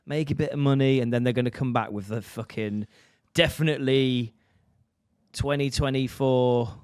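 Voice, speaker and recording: A man co-hosting a podcast. He rambles through loose, sweary jokes in an easygoing, mid-pitched voice. His voice sounds dry and close to the mic. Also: steady tone, normal speed, darkish tone, smooth, no room sound. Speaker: podcast co-host. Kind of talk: casual banter.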